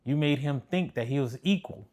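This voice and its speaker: A man speaking at a middle pitch in a blunt, preachy tone. He lectures as a relationship commentator and swears without holding back. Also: brisk, darkish tone. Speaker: relationship commentator reacting to clips. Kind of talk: casual commentary.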